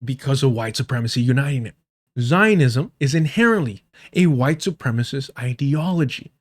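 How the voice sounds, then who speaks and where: A man's voice: medium pitch, animated, moderate pace. A man commenting on a live stream in a heated, sarcastic and profane way. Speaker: streamer reacting to a debate.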